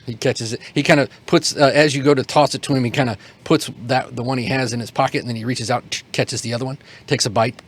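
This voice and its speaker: A man's voice: medium pitch, fairly even intonation, quick pace, hardly any pauses. A man narrating as game master for a tabletop game, talking in a rambling way with many fillers and restarts.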